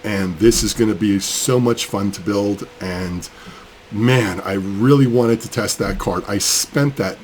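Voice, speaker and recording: Man, low voice, fired-up rant, rambling, slight background hiss. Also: measured pace, darkish tone. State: sick with a cold. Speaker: crypto mining channel host. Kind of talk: casual building vlog rant.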